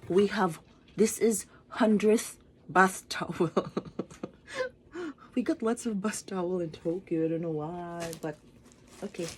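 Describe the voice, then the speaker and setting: A woman's voice: on the low side, steady tone, measured pace, pauses often, a little hiss or hum. A Filipino woman vlogger chatting casually as she unboxes gifts at home, giggling and playful. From Philippines. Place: home in Japan.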